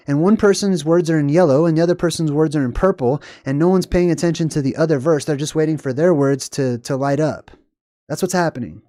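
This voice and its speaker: A man's voice: a little high, brisk, mellow, no room sound, studio quality. Irritated ranting man vlogging. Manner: irritated, ranting, swears freely; conversational, talks straight to viewers. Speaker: host. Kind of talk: casual commentary vlog.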